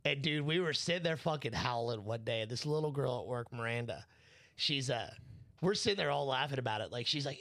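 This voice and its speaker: A man's voice: mid-range voice, animated, fast talker, a bit bright, no echo. A man, co-hosting a podcast, telling crude stories in casual chat and swearing a lot. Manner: profane, laughing storyteller. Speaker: podcast co-host.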